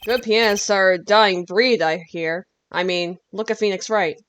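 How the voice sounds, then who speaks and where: A young woman with a steady, medium-pitched voice at normal speed hosts a game stream. Her casual let's-play commentary is giggly and full of swearing, laughter and loud reactions.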